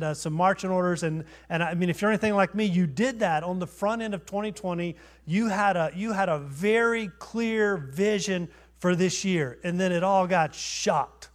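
A man in his forties preaches in a church, his voice pitched a little high for a man. He keeps it conversational and self-deprecating, leaning on rhetorical questions to carry the sermon. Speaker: guest pastor. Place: church sanctuary.

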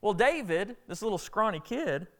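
A man preaching a sermon, retelling a Bible story with lively, acted-out dialogue. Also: high-pitched, normal speed. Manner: animated storytelling preacher, acting out characters' lines. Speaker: pastor.

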